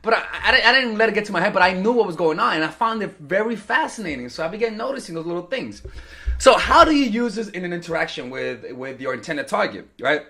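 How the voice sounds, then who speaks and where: A man's voice: high voice, lively intonation, fast talker, bright, forceful tone. A young man coaching women on dating in a casual, rambling, joking way, acting out quotes. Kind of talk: casual talking-head advice video.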